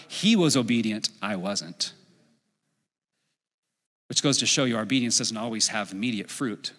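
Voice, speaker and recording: A middle-aged man preaching a sermon as a pastor, telling a story in an animated way and acting out his own inner voice. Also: medium pitch, a little fast, pauses often. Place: church sanctuary. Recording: long hall reverb.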